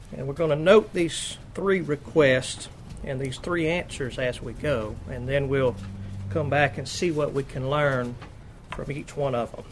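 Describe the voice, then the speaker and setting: Slow, measured male preacher. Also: a little high, a little hiss or hum. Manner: reads King James verses then explains them in plain asides. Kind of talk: sermon with scripture reading.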